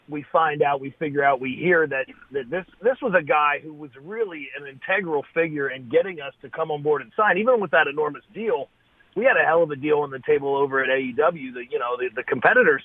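Animated man on a tinny line. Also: fairly high pitch, dry recording. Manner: animated, swears freely. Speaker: podcast guest, wrestler. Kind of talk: casual storytelling. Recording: tinny phone-like line, dry.

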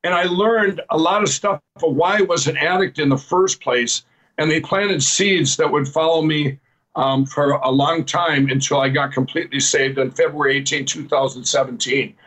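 Earnest high-voiced man telling his story. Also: normal speed, fairly bright tone, low-quality recording. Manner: rambling, repeats "I said" while retelling dialogue. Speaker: guest telling his testimony. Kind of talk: personal storytelling.

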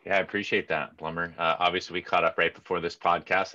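Middle-aged male sports podcast co-host, deep and bright, chatty, lo-fi home recording. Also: fast talker, dry recording. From California. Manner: chatty, animated, jumps into squeaky mock voices. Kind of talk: casual sports chat. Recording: dull lo-fi mic sound.

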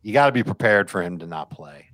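Low-voiced man talking fantasy football. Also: expressive, fast, a bit bright, dry recording, studio quality. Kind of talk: casual sports chat.

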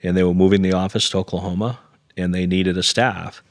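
Deep-voiced man telling his story. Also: fairly even intonation, fairly quick, dry recording, studio quality. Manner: earnest, self-deprecating, quotes others in dialogue. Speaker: interview guest. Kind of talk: conversational storytelling.

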